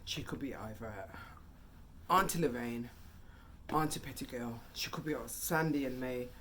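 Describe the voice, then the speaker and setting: A man's voice: mid-range voice, moderate pace, fairly bright tone, slight background noise, close to an everyday voice. A man voicing his worried older brother, a boy, in an anxious, questioning tone.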